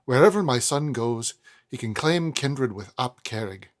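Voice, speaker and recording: A man's voice: mid-range voice, very animated, normal speed. A man reading aloud and voicing a stately, proud old woman who boasts of her family pedigree, in a raised voice with a put-on Welsh lilt. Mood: stately triumph. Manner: lofty, fond, confiding.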